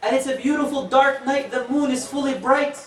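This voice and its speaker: Animated preacher in an echoey hall. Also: male voice, very high-pitched, moderate pace. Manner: animated, joking asides to the audience. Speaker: imam giving a talk. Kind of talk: storytelling sermon. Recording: echoey hall, distant mic, faint noise.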